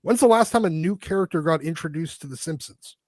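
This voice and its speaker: A man's voice: on the high side, animated, a little fast, darkish tone, no echo. A man arguing his points in a casual panel discussion over a video call, listing examples with hesitant fillers.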